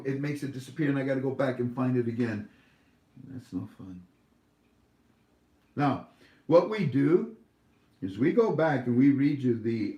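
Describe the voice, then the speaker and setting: A man's voice: mid-range voice, darkish tone, reverberant. A man hosting an online show in a casual monologue, rambling and sarcastic, with lots of fillers and restarts.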